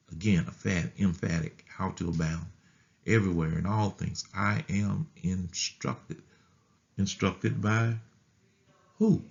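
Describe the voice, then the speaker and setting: A man pastor teaching a Bible study in a deliberate way, often repeating phrases and restarting words. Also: low-pitched, gravelly, darkish tone, muffled recording.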